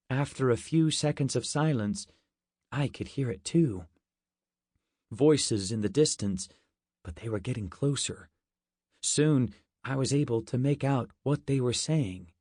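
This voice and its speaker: Male audiobook narrator, first-person story, medium pitch, dry close-mic sound. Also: a little slow, darkish tone, no room sound.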